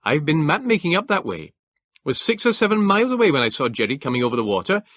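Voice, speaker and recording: A man voicing a young, wiry, cheerful soldier with a clipped northeast English accent and a brisk, matter-of-fact way of talking. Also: a little high, very animated, fairly bright tone, no echo, clean studio sound, voice pushed up.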